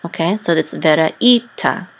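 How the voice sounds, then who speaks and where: A woman's voice: deep voice, unhurried, low-quality recording. Patient woman teaching syllable by syllable. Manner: patient, careful, sounds out syllables and self-corrects. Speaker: Hebrew and Torah chanting teacher. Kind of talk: step-by-step language lesson.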